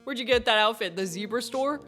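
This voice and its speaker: A young woman gaming streamer doing let's-play commentary, joking, giggling and reacting loudly to the story. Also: a little high, moderate pace, soft background music.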